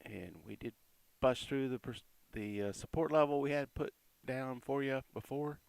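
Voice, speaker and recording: Guy with a gravelly voice going over crypto charts, chatty, reads off numbers, dry close sound. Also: medium pitch, a little mellow, no echo. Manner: chatty, reads out price levels with quick asides. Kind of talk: casual market commentary over charts.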